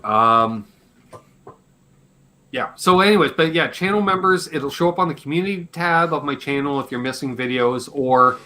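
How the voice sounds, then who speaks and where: Male livestream host, fairly high, bright, a touch hoarse, loose and swearing. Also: normal speed, slight background noise. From Canada. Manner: rambling, joking, swears casually. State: slightly hoarse. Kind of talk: casual live Q&A chat.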